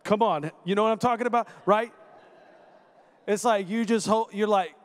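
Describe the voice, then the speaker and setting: High-voiced preacher in an echoing hall. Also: male voice, moderate pace. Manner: animated storyteller who acts out quoted voices and rises to shouts. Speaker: guest preacher. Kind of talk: sermon with personal storytelling. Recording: long echoing hall reverb.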